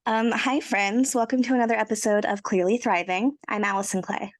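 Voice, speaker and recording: A young woman co-hosting a casual podcast, her voice hoarse from a cold, telling her story in a chatty, self-mocking way. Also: on the high side, steady tone, fairly quick. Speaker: podcast co-host. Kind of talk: casual chat.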